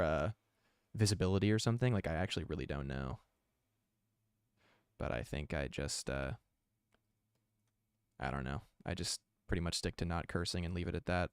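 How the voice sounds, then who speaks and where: A male artist talks through his drawing on a live stream, rambling and self-aware, with plenty of fillers. His voice sits somewhat low and sounds smooth. The desk mic gives a dry, close sound. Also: no room sound. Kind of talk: casual live-stream chat while drawing.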